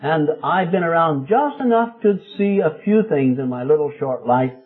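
A man in his fifties preaching a sermon, telling a story and rising to loud, emphatic peaks. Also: fairly high pitch, animated, normal speed, slightly rough. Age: 50s. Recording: tinny phone-like sound.

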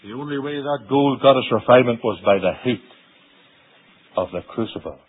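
A man preaching a sermon to a congregation, swinging between loud emphatic lines and low quiet asides. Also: expressive, normal speed, husky. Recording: tinny phone-like old sermon recording.

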